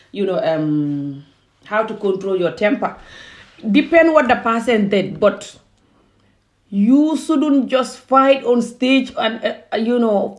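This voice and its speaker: A woman from Gambia ranting heatedly and emphatically in a self-filmed commentary video. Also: fairly high pitch. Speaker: vlogger.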